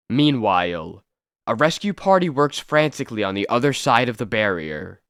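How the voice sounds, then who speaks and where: A man's voice: mid-range voice, very animated, normal speed, fairly bright tone, clear, resonant tone, no echo, clean studio sound. A man narrating a comic book aloud with dramatic storytelling delivery. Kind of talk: scripted narration.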